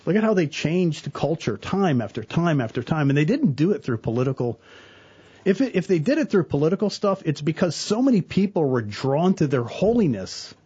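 A middle-aged man, a church worker talking about faith in an earnest, animated way, acting out the people in his stories. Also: fairly high pitch, normal speed, husky, lo-fi sound. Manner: earnest, animated storyteller, quotes people in voices. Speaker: church worker, guest on a talk show. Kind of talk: casual faith talk.

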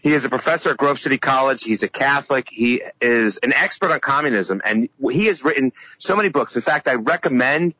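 Man, radio guest and teacher, emphatic, bright husky voice, dry dull remote line. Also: mid-range voice, lively intonation, a little fast, few pauses, no room sound. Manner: emphatic, many fillers and restarts. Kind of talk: casual radio commentary.

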